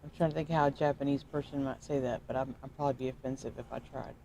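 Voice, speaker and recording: A woman's voice: a bass voice, steady tone, fast, mellow, slight background noise. A woman co-hosting a casual livestream chat, giggling often as she reads out viewer comments. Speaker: livestream co-host reading chat.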